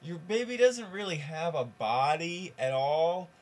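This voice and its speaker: A hesitant hospital doctor, as a man puts him on, dropping his voice as he delivers grim news. He sounds low and hushed, pausing before each word. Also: natural voice. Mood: reluctant. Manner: hushed, reluctant, breaking bad news.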